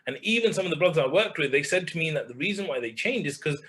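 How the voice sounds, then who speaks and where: A man's voice: a little high, expressive, fast, a bit bright. A man coaching someone in conversation, asking pointed questions and calling him bro. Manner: direct, questioning, calls listener bro.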